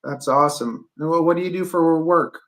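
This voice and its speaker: A man hosts a podcast in a relaxed, easygoing chat. He laughs often and keeps the talk loose. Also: on the high side, fairly quick. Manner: laid-back, laughs often. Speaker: podcast host. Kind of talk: casual chat.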